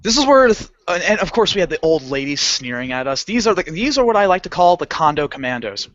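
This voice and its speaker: A man's voice: fairly high pitch, fast, no echo. A man telling a story on a casual podcast, laughing, swearing and acting out the people in it. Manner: animated, swearing, laughing often, acting out voices. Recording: lo-fi dull podcast audio.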